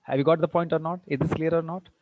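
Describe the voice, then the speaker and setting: A man's voice: fairly high pitch, steady tone, fast talker, dry recording. A man teaching English grammar to a class, quizzing the students and mixing in Hindi. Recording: dull dry classroom recording.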